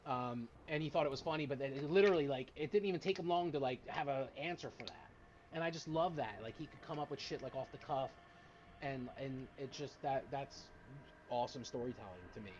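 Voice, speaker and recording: A man talks in a loose, rambling way, cursing often and leaning on "like" between thoughts. His voice sits at an ordinary pitch. The audio is a bit dull and lo-fi, with a faint hiss behind it. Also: brisk. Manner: profane, rambling, heavy use of filler "like". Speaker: tabletop game player. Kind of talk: casual chat. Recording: slightly muffled lo-fi stream audio.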